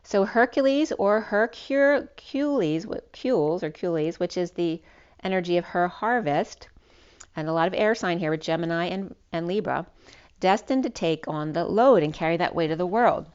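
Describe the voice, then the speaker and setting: A woman's voice: lowish voice, normal speed, darkish tone, smooth, highs cut off. A woman giving a spiritual tarot reading as the channel's host. She talks in a rambling way and often restarts her words. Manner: rambling, with frequent restarts and ums. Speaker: tarot reader.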